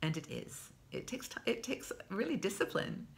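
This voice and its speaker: A woman's voice: medium pitch, animated, normal speed, gravelly. A woman in her sixties giving casual, heartfelt advice to camera as a vlog host, chatty and open. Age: 60s. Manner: chatty and heartfelt, with frequent restarts.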